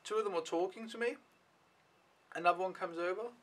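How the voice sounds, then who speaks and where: A young adult man, an au pair vlogger, rambles offhandedly through his day in a casual vlog, swearing freely. His voice sits high and a bit bright, moving fairly quickly.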